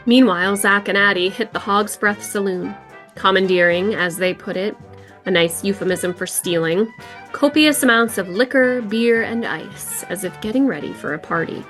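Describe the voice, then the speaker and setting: A woman reads true-crime narration for a podcast at an ordinary pitch. She tells the story at an even, measured pace. Soft music sits faintly behind her voice. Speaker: podcast co-host.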